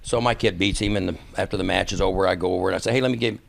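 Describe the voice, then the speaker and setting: A man's voice: low-pitched, rapid-fire, gravelly. A man, a podcast guest telling long stories in a casual way and acting out the people in them. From Texas. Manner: lively raconteur acting out quoted people. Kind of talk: casual storytelling.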